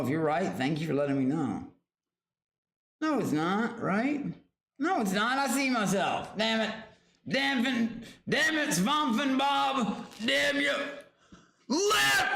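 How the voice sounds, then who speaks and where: Loud excitable streamer man. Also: on the high side, unhurried, vocal fry. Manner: loud, excitable, swearing, talks to his pet monkey and chat. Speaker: livestream host. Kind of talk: casual livestream chat. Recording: roomy echo, faint background noise.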